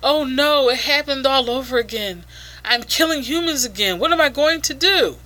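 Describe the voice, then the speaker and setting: A female vampire torn by guilt over her kills, read out in a bright, dramatic tone by a woman reviewing a comic. The delivery sits a touch above ordinary talk and leans on the drama of the lines. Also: high voice, expressive, moderate pace, voice pushed up, low-quality recording. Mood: remorseful. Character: remorseful female vampire, guilty then self-justifying.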